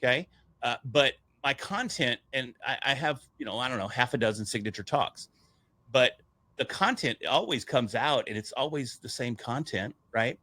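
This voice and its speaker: A man's voice: mid-range voice, normal speed, dry recording. A man who speaks in public, telling stories in a casual podcast conversation and acting out the dialogue he quotes. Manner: animated, acts out quoted dialogue.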